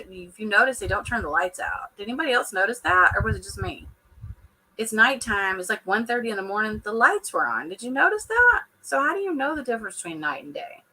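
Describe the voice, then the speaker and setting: A woman talks straight to her viewers in a loose, casual reaction chat. Her voice is bright and forward, and she laughs often between remarks. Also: mid-range voice, rough recording. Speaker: reality TV reaction vlogger.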